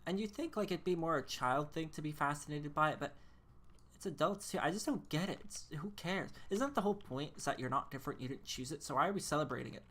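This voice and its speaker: Low-voiced woman streaming a game, rambly and disbelieving, laughs a lot. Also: expressive, fast talker, a bit bright. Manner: rambling, incredulous, laughs often. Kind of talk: casual live-stream chat.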